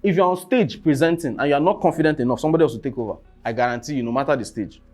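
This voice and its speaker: In a relaxed teaching talk about presenting, a young man talks rapid-fire in a slightly high voice, breaking into abrupt loud bursts. He repeatedly checks in with "you understand?" while soft music plays behind him.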